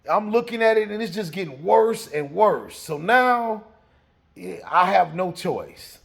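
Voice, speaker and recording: A man tells a story in a casual, conversational way, acting out the scene as he goes. His voice sits a little high with a gravelly edge, and it swings up and down widely. He takes his time. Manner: animated, laughing, acts out the scene.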